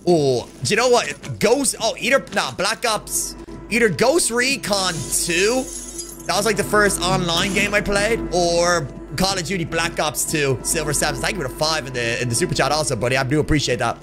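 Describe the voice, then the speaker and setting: A British man streaming a shooter game live, excitable and taunting, yelling and laughing as he plays. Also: high voice, moderate pace, over music. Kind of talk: live gameplay commentary.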